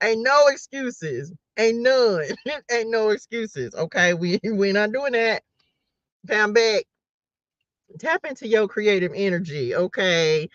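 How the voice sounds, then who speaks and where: A woman's voice: mid-range voice, expressive, takes it slowly, a bit bright, no room sound, lo-fi sound. A woman tarot reader giving a casual motivational talk to her viewers, playful and slangy, laughing often.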